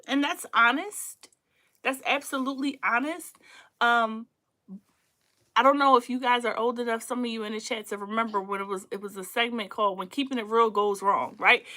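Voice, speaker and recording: A woman talks through relationship advice in a casual, animated way, often breaking into laughter. Her voice sits a little high and sounds bright and forceful. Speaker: host of a relationship talk show. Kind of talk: casual teaching livestream.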